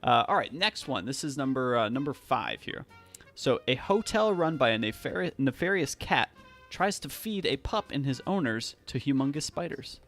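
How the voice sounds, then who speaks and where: Over soft background music, a man co-hosting a podcast runs a quiz in casual chat, reading questions quickly and laughing a lot. His mid-range voice is very animated and a bit bright.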